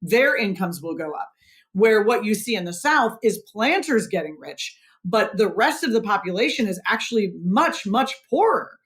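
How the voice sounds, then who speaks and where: A woman's voice: medium pitch, big pitch swings, normal speed, fairly bright tone. A woman author, a guest on a podcast interview, explaining history in an earnest, emphatic way.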